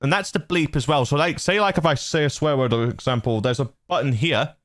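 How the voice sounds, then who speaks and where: A man's voice: a little high, a little fast, a bit bright, dry recording. Male channel host, casual rambling tutorial on a dynamic studio mic, dry sound. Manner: loose and rambling, lots of fillers and restarts. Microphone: dynamic studio mic through a mixer.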